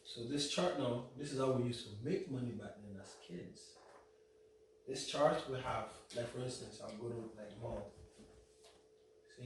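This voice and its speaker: A man's voice: medium pitch, normal speed, pauses often, slight background noise. A man from Nigeria, telling a childhood story in a joking way, acting out quotes. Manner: joking, quoting himself. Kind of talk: casual storytelling. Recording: echoey room, mic at a distance.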